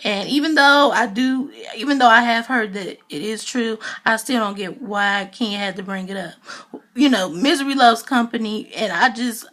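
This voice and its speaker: A woman with a somewhat high voice runs through a reality show episode in a loose, chatty way. She gossips as she goes and fills her sentences with "you know" and "um". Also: moderate pace, pushed and bright. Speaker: TV show reviewer. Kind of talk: casual recap vlog.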